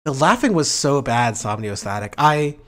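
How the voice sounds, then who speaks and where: A man's voice: mid-range voice, sing-song, moderate pace, a bit bright. A man hosting a casual political livestream, rambling and sarcastic, with a profane, joking way of talking. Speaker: livestream host.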